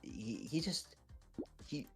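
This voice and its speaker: A man's voice: on the high side, lively intonation, slow pace, fairly bright tone, slightly rough, faint music behind. A teenage boy streaming a game, chatting casually and animatedly, swearing and breaking into laughs. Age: teens. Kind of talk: casual chat while gaming.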